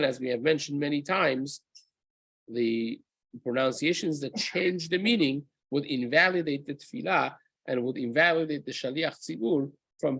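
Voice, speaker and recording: A man's voice: a little high, fairly bright tone, slightly rough, dry recording, poor audio. A man, a rabbi, teaching a daily lesson on Jewish law in a casual explanatory way, often restarting and checking "right?". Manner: drops into chanting Hebrew verses.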